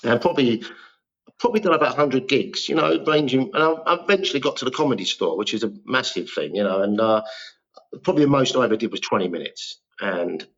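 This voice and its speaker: Male, 50s, mid pitch, self-deprecating raconteur, lo-fi sound. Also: expressive, quick pace, fairly bright tone. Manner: rambling self-deprecating storytelling. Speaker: guest actor. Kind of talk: casual interview chat.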